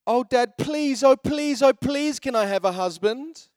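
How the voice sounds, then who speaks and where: A man's voice: extremely high pitch, animated, measured pace, a little mellow, no echo, clean studio sound, soft background music, voice pushed up. A man voicing his little three-year-old daughter, earnest and begging, within a sermon story. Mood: pleading. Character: pleading little girl of three.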